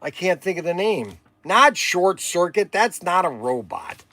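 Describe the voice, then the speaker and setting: Exasperated older man with a high voice. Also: big pitch swings, measured pace, sharp tone, dry recording. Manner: exasperated, forgetful, sighing. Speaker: livestream host. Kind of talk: rambling livestream chat.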